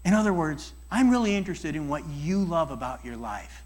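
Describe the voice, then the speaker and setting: A middle-aged man and life coach giving a church talk, animated and acting out people's voices as he tells stories. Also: a little high, fairly quick. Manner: animated, acts out voices in dialogues. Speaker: guest speaker and life coach.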